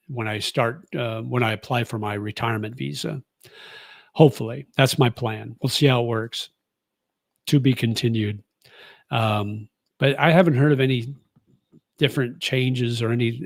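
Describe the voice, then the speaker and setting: With a mid-range voice touched by vocal fry, a sixty-something American man rambles through viewer comments as a vlogger, easygoing and casual, stumbling through plenty of fillers and restarts. The audio has no echo.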